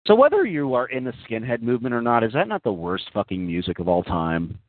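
A man's voice: mid-range voice, sing-song, quick pace, no room sound. A man hosting a casual call-in talk show, mocking and profane, rambling through many fillers, over a dry, tinny phone-line recording.

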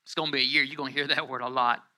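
A pastor giving a casual, conversational sermon, calling on the congregation to repeat words and rising to loud, emphatic scripture reading. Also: male voice, mid-range voice, steady tone, very fast.

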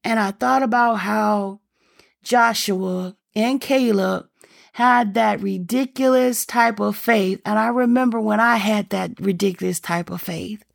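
A woman's voice: mid-range voice, a little slow, creaky, no echo, clean studio sound. A middle-aged woman giving a heartfelt faith testimony, earnest and rambling, full of fillers. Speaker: speaker sharing faith testimony.

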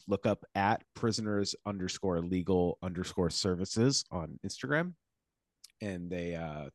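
A man's voice: low voice, dry recording. A man with a Boston accent co-hosting a podcast, reading a news article aloud and breaking into impassioned, profane commentary. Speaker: podcast co-host.

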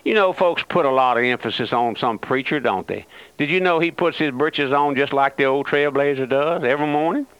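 A man's voice: medium pitch, fairly quick, fairly bright tone, smooth, dry recording, muffled recording. An older man preaching a fervent radio sermon, repeating phrases and calling himself by a nickname.

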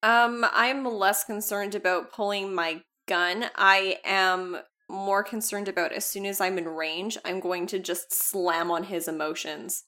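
Bright-voiced woman playing a tabletop game. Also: mid-range voice, steady tone, measured pace, hardly any pauses. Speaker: player. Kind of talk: tabletop role-play banter.

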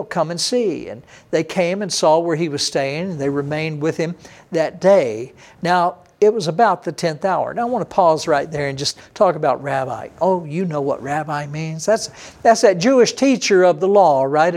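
A middle-aged male pastor delivers a sermon in a slightly high voice. He preaches emphatically, with loud, lifted bursts that fall back to low, quiet stretches. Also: moderate pace. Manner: emphatic preaching with sudden rises and drops in pitch and loudness.

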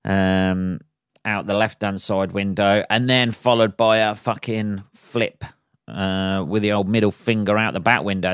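Male comic host, rambling and foul-mouthed, clear voice on a dry close mic. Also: on the low side, steady tone, measured pace, no room sound. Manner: sweary, rambling, laughs at own jokes. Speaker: podcast host and stand-up comedian. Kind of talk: casual solo podcast rant.

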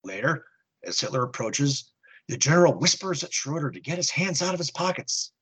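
A man's voice: fairly high pitch, big pitch swings, moderate pace, a bit bright, slightly rough. A man hosting a podcast, recapping a comic book story with earnest narration and wry asides. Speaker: podcast host.

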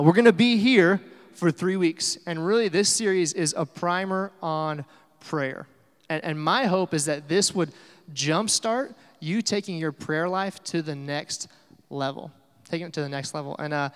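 A man's voice: on the high side, clean tone, long reverb tail. A man preaching a casual, upbeat sermon, coaxing his congregation to join in. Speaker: pastor. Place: church hall.

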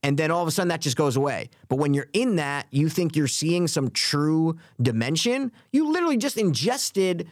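A man co-hosting a podcast in casual chat, animated and repeating his points for emphasis. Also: normal speed, hardly any pauses, no room sound, clean studio sound. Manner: animated, acts out quotes with big pitch jumps. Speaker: podcast co-host.

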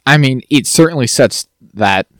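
A man co-hosting a podcast, rambling through a TV recap and slipping into quick mock quotes of the characters. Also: mid-range voice, expressive, a bit bright, no echo, clean studio sound. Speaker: podcast co-host. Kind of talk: casual chat recapping TV.

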